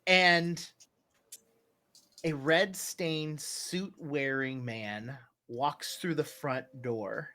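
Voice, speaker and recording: Male game master, unhurried and halting, stumbles through restarts while narrating a tabletop horror game. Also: fairly high pitch, bright, forceful tone. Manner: halting, many restarts and fillers.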